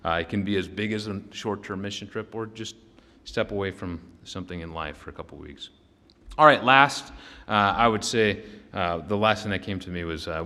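A man's voice: on the low side, bright, forceful tone. A male pastor preaching a sermon in a loose, conversational way, often checking in with the congregation and restarting his sentences. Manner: loose, with frequent restarts and fillers. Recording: long reverb of a large hall.

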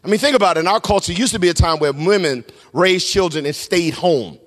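A middle-aged man preaching a sermon as pastor, swinging between loud shouts and hushed low tones. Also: expressive, fast talker, in a large hall. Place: large church sanctuary.

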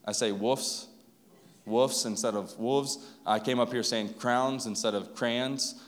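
A man's voice: on the low side, steady tone, normal speed, slight background noise. A man preaching a sermon to his congregation in a casual, conversational way, with asides to the people in the pews. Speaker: pastor. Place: church sanctuary. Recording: long reverb of a church hall.

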